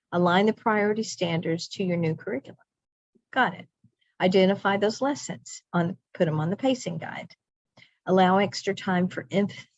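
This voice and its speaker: A woman's voice: medium pitch, dry recording, dull audio. A middle-aged woman leading a recorded teacher training session, chatty and self-interrupting, laughing at herself.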